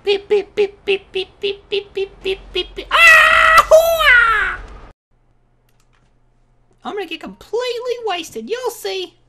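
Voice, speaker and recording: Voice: extremely high pitch, lively intonation, unhurried, pauses often, bright, forceful tone, slight background noise, full character voice. A video game player voicing Mister Hazmat, a giddy, volatile man in a hazmat suit, talking about himself in the third person with erratic swings between glee and rage. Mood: goofy. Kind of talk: comedic role-play over online gameplay.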